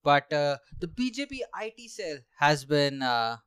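Young guy from india doing a solo podcast at home, rambly, sweary, kinda sarcastic, high and animated, dry sound. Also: a little slow, smooth, no room sound. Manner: rambling, sarcastic, swearing, laughing between thoughts. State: drinking while talking. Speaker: podcast host. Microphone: handheld mic.

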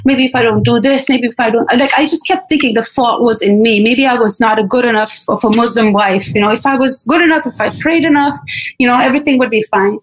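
A young woman from Pakistan telling her personal story in an interview, candid and animated, acting out what people said. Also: fairly high pitch, fast talker, low-quality recording. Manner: candid, animated, acts out quotes. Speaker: interview guest.

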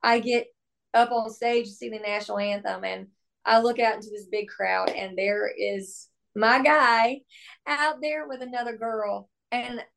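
Young woman, country singer guest, fairly high voice, animated and exclamatory, casual storytelling. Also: unhurried, gravelly. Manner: animated, exclamatory, acts out quoted dialogue.

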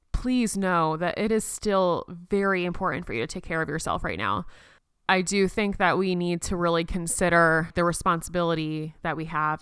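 Soft-spoken woman podcaster, clear and dry. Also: on the low side, no echo. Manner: gentle, reassuring, leads a slow breathing count. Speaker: podcast host. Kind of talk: personal podcast monologue.

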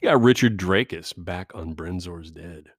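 A man hosting a podcast, telling a story in a casual, profane, animated way and laughing often. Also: low-pitched, normal speed. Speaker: podcast host.

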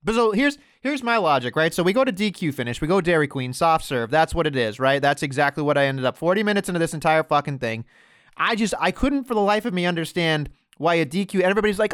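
A man co-hosting a casual podcast, talking animatedly, swearing, and slipping into quick mimicry. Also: fairly high pitch, no echo, studio quality. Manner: animated, profane, mimics others in quoted bits. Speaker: podcast co-host. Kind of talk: casual wrestling podcast chat.

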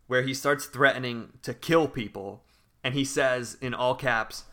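A man's voice: mid-range voice, moderate pace, pushed and bright. A man casually telling a long internet story on a podcast, reading forum posts aloud. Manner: reads forum posts aloud, breaking into laughter.

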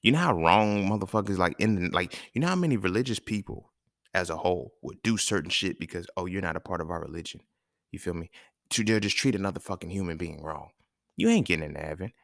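Male podcast host, very low gravelly voice, blunt profane rant, dry close mic. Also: fast, dry recording. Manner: blunt, profane, animated rants with rhetorical questions. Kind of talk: casual solo podcast monologue.

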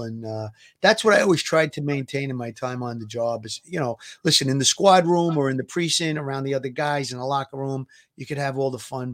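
A man with a Brooklyn New York accent, a former police officer co-hosting a show, talking earnestly in casual chat with many pauses and restarts. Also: mid-range voice.

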